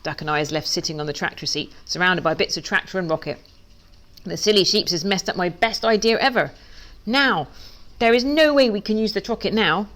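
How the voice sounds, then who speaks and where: A woman, a children's author, reading her storybook aloud in a lively, playful way. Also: medium pitch, fairly quick.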